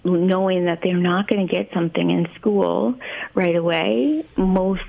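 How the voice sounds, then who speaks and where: Woman therapist with a gravelly edge. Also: on the low side, measured pace, phone-quality sound. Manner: warm, thoughtful, many "um"s and "you know"s. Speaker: child therapist guest. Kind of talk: casual podcast conversation.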